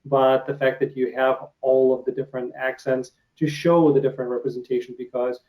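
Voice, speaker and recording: A man's voice: mid-range voice, flat delivery, brisk, lo-fi sound. A man from Ukraine with a Russian accent, hosting an interview in a casual, hesitant way with many uh fillers. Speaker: interview host.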